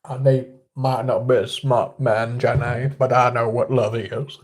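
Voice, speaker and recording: A man putting on a slow, gentle, simple-hearted Southern man with a drawn-out put-on Southern drawl. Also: medium pitch, level tone, pitched below the performer's own voice, natural voice. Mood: earnest. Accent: put-on American Southern drawl.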